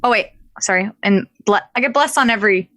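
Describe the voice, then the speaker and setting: A woman's voice: mid-range voice, fairly quick, sharp tone, no echo, low-quality recording. A woman playing a tabletop game, calling out her rolls and checking the rules. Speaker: player.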